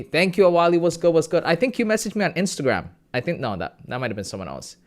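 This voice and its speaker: An excited young man hosts a casual livestream and chats straight to his viewers. He greets people by name and talks about his day in a loose, chatty way. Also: fairly high pitch, fast, few pauses. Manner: excited, reads out chat messages and greets viewers. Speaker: trading livestream host.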